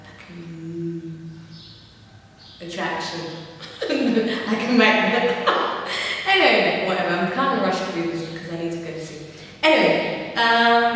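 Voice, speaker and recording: A young woman vlogger chatting casually, telling funny stories with laughs and fillers. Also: on the low side. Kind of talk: casual storytelling. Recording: very echoey room, far from mic, faint ambience.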